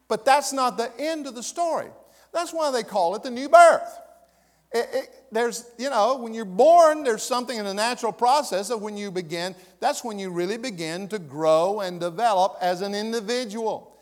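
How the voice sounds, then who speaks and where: Folksy Southern preacher in a reverberant hall. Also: male voice, high-pitched, moderate pace. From American South. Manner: folksy, emphatic, rising to loud peaks. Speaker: pastor. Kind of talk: sermon.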